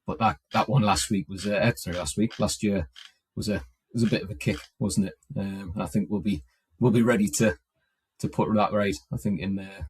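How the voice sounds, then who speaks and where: A man co-hosting a sports podcast over a video call, talking haltingly with many restarts. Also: lowish voice, breathy edge. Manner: hesitant, lots of restarts. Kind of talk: casual sports chat.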